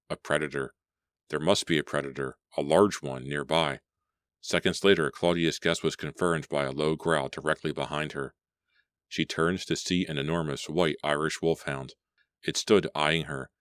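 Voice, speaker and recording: A man narrating a horror audiobook with a slow, suspenseful reading. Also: a bass voice, a bit bright, smooth, dry recording, clean studio sound.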